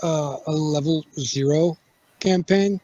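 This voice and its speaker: A man's voice: fairly high pitch, slow pace, warm tone, no room sound. A man playing in a tabletop game, chatting in a dry, blunt way. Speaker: player. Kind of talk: casual chat at a game table. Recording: dull muffled mic.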